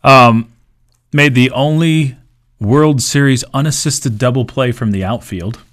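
A man's voice: medium pitch, a little slow, fairly bright tone. A man hosting a casual sports talk show, cracking dry jokes and reading trivia. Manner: joking, dry, reads out dates and trivia. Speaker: host.

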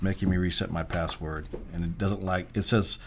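A man's voice: low voice, steady tone, moderate pace, creaky. A man co-hosting a sports radio show, chatty and teasing in casual banter.

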